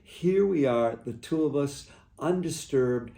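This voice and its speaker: A man's voice: medium pitch, expressive, slow, gravelly, warm tone. A man voicing his strong-willed elderly mother, plainspoken and insistent, in an echoey room. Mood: tender.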